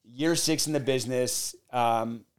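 A man's voice: mid-range voice, unhurried, clean tone. Chatty male podcast host. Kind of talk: casual interview.

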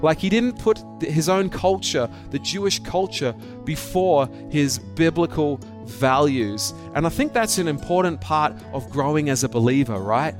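A man's voice: fairly high pitch, lively intonation, moderate pace, few pauses, music in the background. A man from Australia, preaching a conversational sermon full of rhetorical questions and personal stories. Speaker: pastor.

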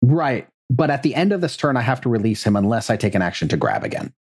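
A man running a tabletop game as game master, measured and focused on the rules. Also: mid-range voice, big pitch swings, a little mellow, breathy edge.

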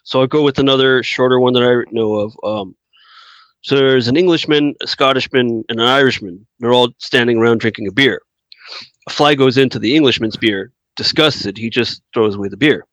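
A young man in casual chat, relaxed and rambling, who laughs easily. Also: mid-range voice, brisk, dry recording, lo-fi sound.

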